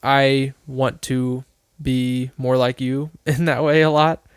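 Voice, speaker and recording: A man's voice: medium pitch, flat delivery, takes it slowly, smooth, no room sound, studio quality. A man co-hosting a podcast, thinking aloud in a loose, rambling way with many restarts. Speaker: podcast co-host. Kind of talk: casual chat.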